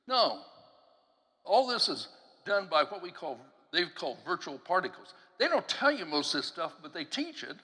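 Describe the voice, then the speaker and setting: A man with a high, bright, ringing voice delivers a teaching sermon in a church sanctuary. He tells animated stories, laughs between phrases and acts out the people he quotes. His voice carries a long hall reverb. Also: normal speed, breathy edge. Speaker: preacher.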